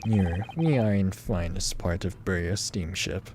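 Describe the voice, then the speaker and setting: A man doing a gruff, blunt Russian sailor guard who speaks slow, broken English with deep, heavy words. Steady hiss sits under the voice of this game character. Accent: put-on Russian.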